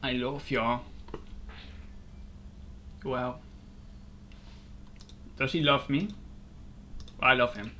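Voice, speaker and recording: A man giving casual live commentary over his own gameplay, excitable and quick to swear and laugh at his plays. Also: medium pitch, a little hiss or hum. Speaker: gaming YouTuber.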